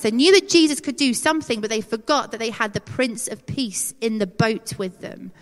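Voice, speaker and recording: Animated high-voiced woman preaching. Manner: animated, conversational, acts out quoted voices. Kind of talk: sermon. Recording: long hall reverb.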